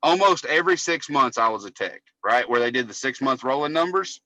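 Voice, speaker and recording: Bright-voiced man telling a rambling story. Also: medium pitch, expressive, brisk, rough recording. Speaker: podcast co-host, cable technician. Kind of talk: casual podcast chat.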